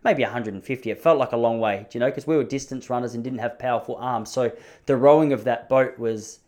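A man, hosting a podcast and telling funny stories in a casual, self-mocking way. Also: fast talker. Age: 30s. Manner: animated, self-mocking, pitch jumping up for emphasis. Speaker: podcast host. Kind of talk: casual comedic storytelling.

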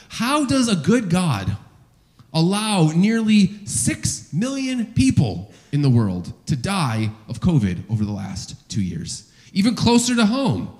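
A man delivers a sermon to a congregation. His voice sits slightly high and rises and falls dramatically for emphasis, and he drives his points home through a string of rhetorical questions. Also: measured pace. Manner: animated, rising and falling emphasis, rhetorical questions. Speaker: pastor. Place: church sanctuary with congregation.

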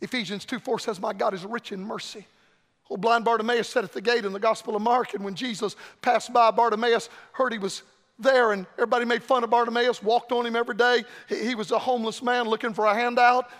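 A man preaching an impassioned revival sermon, swinging from shouted pleas to low, hushed warnings. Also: level tone, fast talker, big-room sound.

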